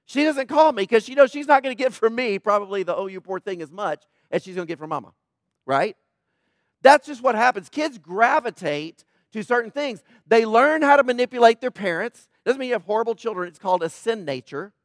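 A man's voice: very high-pitched, expressive, fairly quick, no room sound, clean studio sound. A middle-aged male pastor preaching a sermon, emphatic, repeating key points and calling on the audience to answer back.

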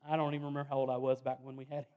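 A man's voice: medium pitch, monotone, rapid-fire, narrow, tinny audio. A man, preaching a sermon in an earnest, conversational way with self-deprecating asides. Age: 30s. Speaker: pastor.

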